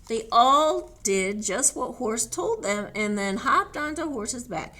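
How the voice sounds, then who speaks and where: A woman, a library storyteller, reading a picture book aloud to children in an animated way and inviting them to join in. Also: on the high side, slow pace. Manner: animated, sing-song, coaxing children to join in.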